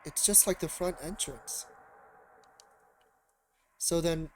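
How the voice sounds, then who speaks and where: Male streamer voicing a composed young woman, deadpan, soft, slightly raised pitch, noisy recording. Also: slow. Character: young woman, calm and unsettling. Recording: steady background noise.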